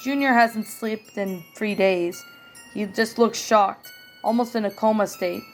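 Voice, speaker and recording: Woman voicing a cartoon doctor, slow, grave, mid pitch. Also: soft background music, close to an everyday voice. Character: calm cartoon male doctor.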